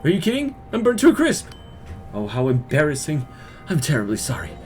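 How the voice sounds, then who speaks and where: A man voicing an excitable woman who is mayor of a village in a video game, lurching from frantic yelling to prim, overly polite chatter. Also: on the high side, fairly quick, soft background music, pitched above the performer's own voice. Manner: frantic shouting, then prim and overly courteous.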